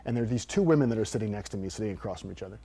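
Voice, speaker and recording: A man's voice: lowish voice, rapid-fire, creaky. A man who is a performance coach, telling stories as an interview guest and acting out the people in them. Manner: animated storyteller acting out quotes.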